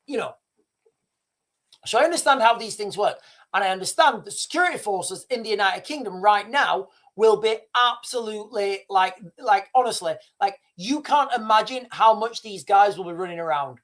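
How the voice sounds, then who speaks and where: A British man with a high, expressive, slightly bright voice holds forth on his livestream at a moderate pace. His casual monologue rambles loosely as he circles back on his words, restarts sentences and chuckles at himself.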